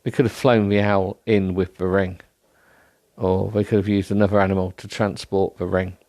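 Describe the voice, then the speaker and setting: A man's voice: deep voice, level tone, moderate pace, a little mellow, no room sound. A man hosting a solo podcast, rambling in a self-deprecating way with many ums and restarts, sounding tired. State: tired, yawning. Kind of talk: rambling casual monologue.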